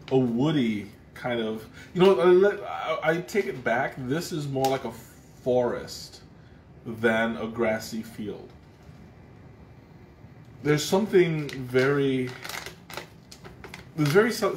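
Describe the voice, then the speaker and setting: A man's voice: mid-range voice, darkish tone. A man hosting a casual live tea tasting, thinking aloud with frequent restarts and fillers. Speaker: livestream tea taster. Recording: roomy echo, faint background noise.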